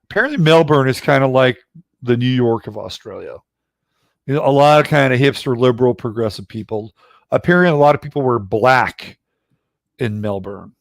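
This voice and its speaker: A man's voice: mid-range voice, expressive, brisk, gravelly, no room sound, studio quality. A middle-aged man hosting a casual livestream about astrology, rambling and blunt, with occasional swearing. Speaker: astrologer host.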